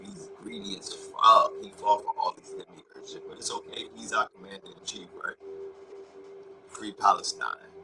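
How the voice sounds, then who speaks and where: A man rambling through a profane, confrontational spiritual rant, swinging between shouts and hushed asides. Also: on the low side, normal speed, heavy background noise. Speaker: vlogger.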